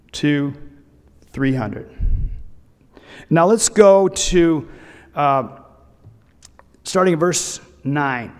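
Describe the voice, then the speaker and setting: A man's voice: fairly high pitch, long reverb tail. A man preaching a sermon, retelling a scripture story with humorous asides. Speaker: pastor.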